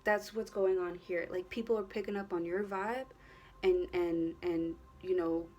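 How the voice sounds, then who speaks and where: A woman's voice: fairly low pitch, fairly even intonation, a little slow, darkish tone. A woman doing a casual tarot reading to the camera, encouraging and earnest, rambling and repeating herself with plenty of filler and swearing. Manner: rambling, repeats herself, leans on "you know", swears freely; encouraging, earnest, speaks straight to the viewer. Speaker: tarot reader.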